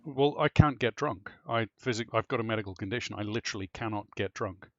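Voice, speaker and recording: A man's voice: on the low side, fast talker, dry recording, lo-fi sound. Swearing Irish man telling stories. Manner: animated, swears freely, restarts often. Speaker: streamer chatting with clanmates. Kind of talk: casual storytelling chat.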